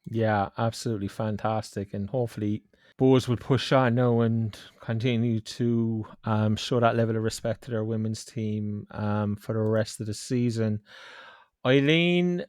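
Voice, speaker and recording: A man with an Irish accent hosting a casual sports podcast, chatty and self-mocking, reading headlines briskly. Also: fairly low pitch, fairly even intonation, darkish tone, clean tone, no room sound, clean studio sound. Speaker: podcast host.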